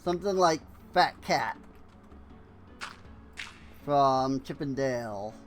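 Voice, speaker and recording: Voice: mid-range voice, lively intonation, takes it slowly, soft background music. A streamer giving casual game commentary with chatty, self-deprecating asides.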